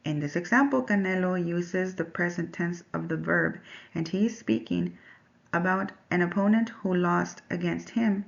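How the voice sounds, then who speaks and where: A woman reads her class presentation from a script in a measured way. Her voice sits low with a gravelly edge. The recording sounds dull and lo-fi. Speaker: student presenter.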